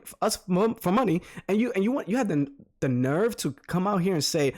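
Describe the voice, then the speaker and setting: Animated man reacting with lively swings. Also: high voice, fairly quick, hardly any pauses. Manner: animated, exclaiming, repeats phrases. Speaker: reaction streamer. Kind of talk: casual reaction commentary.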